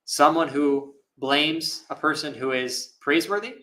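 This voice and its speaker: A male Buddhist monk with a bright, clear voice gives an easygoing live question-and-answer talk. He speaks thoughtfully, laughs often and pads his phrases with fillers. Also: a little high, a little slow, low-quality recording.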